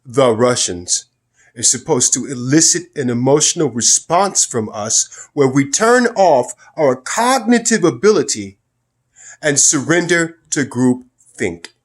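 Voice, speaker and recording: Man, fairly high voice, emphatic, sarcastic, political commentary vlog. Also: very animated, a little slow. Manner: emphatic and sarcastic, with wide swings in pitch and loudness.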